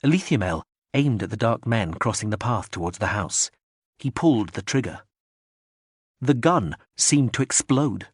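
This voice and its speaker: Male audiobook narrator, husky and dry, measured reading with animated pitch. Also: dry recording. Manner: measured reading, acts out quoted speech in raised voices. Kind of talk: scripted narration.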